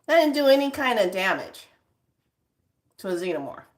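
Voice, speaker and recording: A woman's voice: mid-range voice, big pitch swings, normal speed. A woman vlogger chatting casually with her viewers, laughing often and swearing for emphasis. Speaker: spiritual vlogger.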